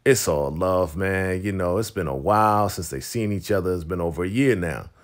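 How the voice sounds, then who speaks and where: A TV recap reviewer with a fairly low voice walks through an episode at a moderate pace. His talk is casual and loose, packed with slang and fillers, and he slips into the characters' lines along the way.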